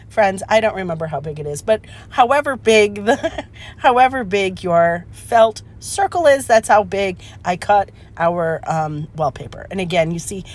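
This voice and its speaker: Woman, craft host, chatty, excitable, self-deprecating, casual how-to talk, mid-pitched.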